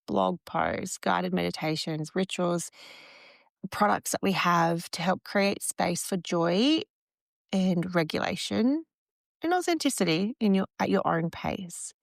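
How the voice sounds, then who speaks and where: A woman, hosting a podcast, gently guiding a breathing exercise and talking candidly about parenting. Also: lowish voice, a little slow, creaky, no room sound, studio quality. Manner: gentle, soothing and candid, with frequent restarts. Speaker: podcast host. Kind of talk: guided breathing and reflective parenting talk.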